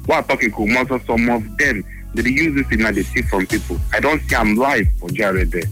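A man's voice: medium pitch, fast talker, a bit bright, soft background music, poor audio. A man with a Nigerian Pidgin accent calling into a radio talk show, making a passionate, repetitive complaint. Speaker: radio phone-in caller.

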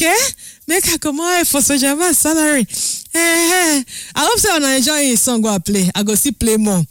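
A woman with a Nigerian accent hosting a casual radio show, chatty and animated, laughing often between her words. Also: high voice, normal speed, no echo. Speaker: radio host. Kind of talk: casual radio chat in Pidgin.

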